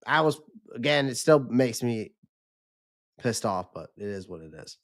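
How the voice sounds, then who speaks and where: A man's voice: mid-range voice, animated, a little slow. A man hosting a casual livestream, talking in a loose, rambling way with many restarts and fillers, his voice a little worn as he says he is losing it. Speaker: livestream host.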